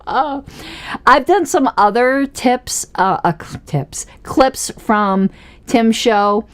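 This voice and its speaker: A woman with a high-leaning voice speaks extremely slowly as she hosts a political commentary livestream. She's chatty and self-mocking, laughing often through her casual commentary.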